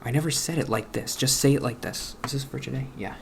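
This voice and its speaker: Late 20s guy rambling softly over a game, kinda halting, trails off, bit of a gravelly fry. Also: mid-range voice, slight background noise. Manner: soft, halting, self-questioning, trails off. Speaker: gaming channel host. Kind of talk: casual let's-play commentary with personal talk.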